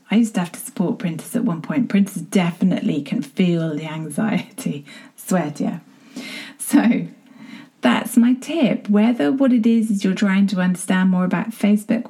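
A woman's voice: medium pitch, mellow. A middle-aged woman with a British accent, giving a chatty, self-deprecating motivational talk to camera and often checking in with her listeners. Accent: British English.

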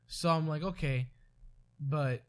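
A young man in casual chat, talking hesitantly with halting restarts. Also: medium pitch, animated.

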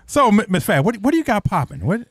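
A man's voice: high-pitched, very animated, quick pace, slightly rough, no echo. A man hosting a podcast, joking in slangy banter. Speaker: podcast host. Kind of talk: casual podcast chat.

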